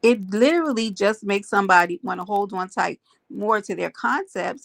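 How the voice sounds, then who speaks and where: A woman's voice: medium pitch, normal speed, vocal fry, a bit bright, no echo. A woman hosting a casual livestream, greeting viewers by name and making emphatic points to her chat. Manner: emphatic, preachy asides. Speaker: livestream host.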